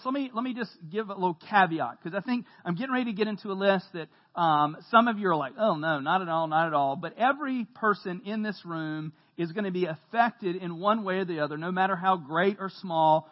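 A man preaching a sermon to a congregation as pastor, telling stories with humor and lively emphasis. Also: high-pitched, lo-fi sound. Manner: animated storytelling, jokes with the congregation, shouts when quoting. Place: church hall.

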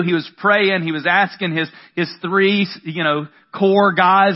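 A man's voice: on the high side, fairly even intonation, normal speed, few pauses. A young man preaching a sermon to a congregation, conversational with dramatic emphasis. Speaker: pastor. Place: room with a congregation. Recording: dull lo-fi sound.

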